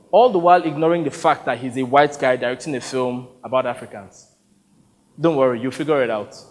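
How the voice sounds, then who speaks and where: A man's voice: mid-range voice, big-room sound. A Nigerian man with a Nigerian accent, performing a wry one-man theatre monologue. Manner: wry, storytelling, expressive. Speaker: solo stage performer narrating.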